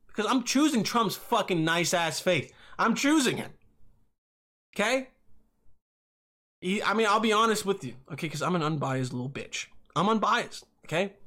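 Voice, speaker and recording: High-voiced young man ranting profanely. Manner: profane, rambling, yelling in bursts. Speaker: podcast host. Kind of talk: solo podcast rant.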